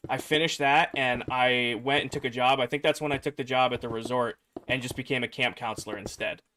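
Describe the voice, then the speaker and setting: A man's voice: medium pitch, a little fast, slight background noise. A young man streaming, rambling through a personal story for his chat and acting out the voices of the people in it. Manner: rambling, animated, acts out quoted voices.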